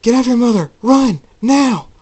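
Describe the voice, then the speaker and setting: A man voicing a hot-tempered young male hero in a homemade storybook reading, often yelling and strained. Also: very high voice, lively intonation, slow pace, no echo, voice pushed up, full character voice.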